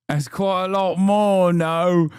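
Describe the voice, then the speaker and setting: A man's voice: high-pitched, clear, resonant tone, no echo, studio quality. A man hosting a livestream, reacting to a video with mocking, profane rants. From United States. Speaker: livestream host.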